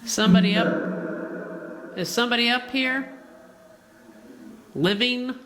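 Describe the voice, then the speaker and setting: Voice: medium pitch, takes it slowly, fairly bright tone. Coaxing ghost hunter in echoey halls. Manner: coaxing, explains gadgets to unseen spirits. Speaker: paranormal investigator. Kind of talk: ghost-hunt session calling out to spirits. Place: large old seminary building, indoors. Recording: roomy echo, faint background hiss.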